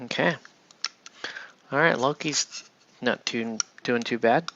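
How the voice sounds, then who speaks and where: A man chatting casually to his viewers as he paints miniatures on a stream, rambling and self-deprecating, quiet and mumbling while he works and louder when he wraps up. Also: medium pitch, slow, dull audio, a little hiss or hum.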